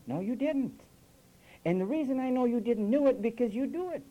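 Mocking the phrases he criticises with acted voices, a preacher peppers his sermon with sarcastic asides. His voice is medium-pitched, dark and very animated, moving fairly quickly, and the recording quality is low.

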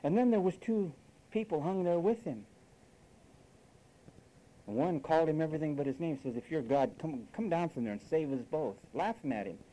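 Animated, scolding male preacher. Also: on the high side, normal speed, low-quality recording. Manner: scolding and sarcastic, acting out quoted voices. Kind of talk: sermon.

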